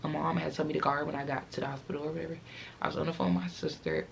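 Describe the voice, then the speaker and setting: A woman's voice: low-pitched, animated, very fast, gravelly, a little hiss or hum. A teenage girl vlogger telling a casual, rambling storytime, fighting back tears as she talks.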